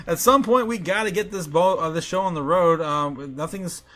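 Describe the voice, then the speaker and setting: Bright-voiced, giggly livestream host. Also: male voice, high voice, normal speed. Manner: giggly, filler-heavy, reads chat aloud. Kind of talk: casual livestream chat.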